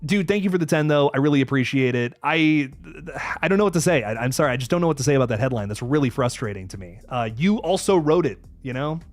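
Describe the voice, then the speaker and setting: A man's voice: mid-range voice, lively intonation, fast talker, no echo, soft background music. A young man hosting a live movie review stream, frustrated and rambling, stammering through restarts and swearing as he reads out donations.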